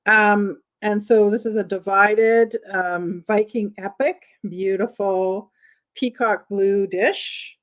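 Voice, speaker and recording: Slow-talking woman hosting a vintage sale. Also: medium pitch, steady tone. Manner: chatty, reads prices and lot numbers to viewers. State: has the hiccups. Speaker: live sale host. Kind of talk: live-streamed vintage sale chat.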